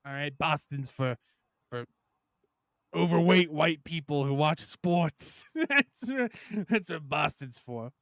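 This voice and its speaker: A young man with a notably high voice co-hosts a comedy podcast. He jokes and laughs through improvised mobster bits, recorded close and dry with no room sound. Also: expressive, takes it slowly, gravelly, fairly bright tone, no echo. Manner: joking, laughs often, slips into mock mobster voice. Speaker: podcast co-host.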